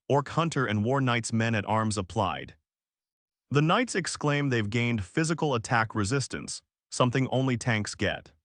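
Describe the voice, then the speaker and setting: A man's voice: mid-range voice, fairly bright tone, no room sound. Man narrating in a dry, close voice. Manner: dramatic narration with rhetorical questions. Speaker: recap narrator. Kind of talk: scripted narration.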